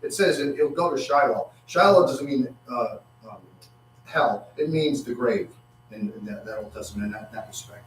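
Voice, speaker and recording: A man preaching a sermon, halting and repeating words, acting out quotes with rising excitement. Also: mid-range voice. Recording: echoey room from far off with faint hum.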